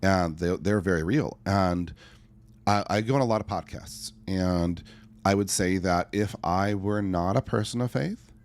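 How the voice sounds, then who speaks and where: Man, middle-aged, earnest, animated storytelling, fairly low pitch. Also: a little slow. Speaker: podcast guest, life coach. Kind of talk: conversational interview answer.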